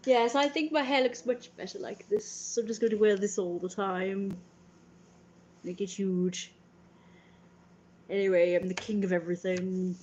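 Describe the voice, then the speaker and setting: A woman's voice: medium pitch, fairly even intonation, measured pace, long pauses, darkish tone, muffled recording, a little hiss or hum. A woman chatting on a casual livestream, joking in a playful royal persona, rambling, answering chat aloud and swearing freely.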